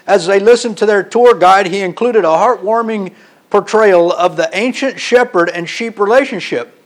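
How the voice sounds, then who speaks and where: High-voiced male preacher. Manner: storytelling, reads scripture aloud. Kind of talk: sermon.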